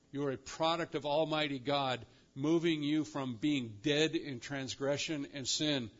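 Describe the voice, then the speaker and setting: A man preaching a sermon with dramatic emphasis, slowing down and rising in pitch to stress key words. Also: lo-fi sound. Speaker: pastor.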